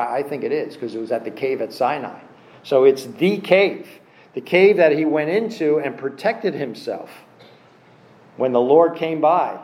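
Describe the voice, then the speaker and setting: Emphatic man preaching in an echoey room. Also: mid-range voice. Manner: expressive, emphatic, self-deprecating asides. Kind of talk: sermon.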